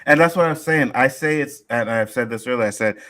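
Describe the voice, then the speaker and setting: A middle-aged man telling stories on a panel discussion show, lively and profane. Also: medium pitch, fairly quick.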